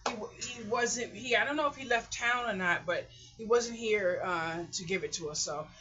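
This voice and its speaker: A middle-aged woman, rambling through a casual home vlog in a chatty, animated way. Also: mid-range voice, moderate pace, highs cut off. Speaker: vlogger. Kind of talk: casual chat. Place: hot apartment room at home.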